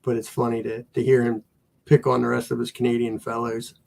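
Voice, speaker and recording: Gravelly Pennsylvania guy chatting. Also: medium pitch, level tone, brisk, a little mellow. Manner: joking, easygoing. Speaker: co-host guest. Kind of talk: casual live chat.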